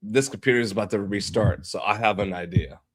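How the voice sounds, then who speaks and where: A man's voice: lowish voice, a little fast, a little hiss or hum. A man chatting casually on a live stream while he works, muttering to himself and swearing offhandedly, sounding a little stuffy from pollen. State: sounds a bit sick from pollen. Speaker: livestreaming video editor.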